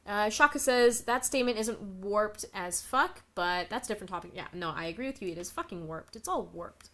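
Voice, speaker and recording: A woman's voice: mid-range voice, animated, moderate pace. Young woman, streamer, swearing rant, exasperated, reads chat aloud, mid-range voice. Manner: ranting, profane and exasperated; reads chat messages aloud and answers them. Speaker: streamer reacting to news. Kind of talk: live-stream commentary.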